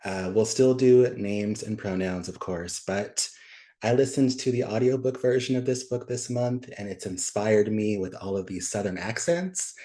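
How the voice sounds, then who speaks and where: A man hosting a book club over a video call, relaxed and upbeat, laughing easily. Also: fairly low pitch, moderate pace. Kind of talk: casual chat on a video call.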